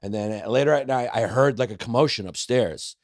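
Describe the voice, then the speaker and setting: A man in his forties, a comedian guest on a podcast, telling stories with quick joking riffs. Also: medium pitch, no echo, clean studio sound. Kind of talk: casual storytelling chat.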